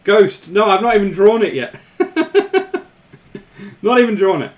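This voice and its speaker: Man, live stream host, lively up-and-down pitch, a bit high, chatty, repeats phrases. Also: unhurried. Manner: chatty, laughs often, repeats himself. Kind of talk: casual live stream chat with viewers.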